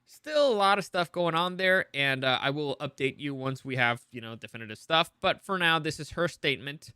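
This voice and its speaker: A man's voice: on the high side, expressive, normal speed, sharp tone, smooth, dry recording, studio quality. A man hosting a casual entertainment news show, rambling with many restarts and opinionated asides.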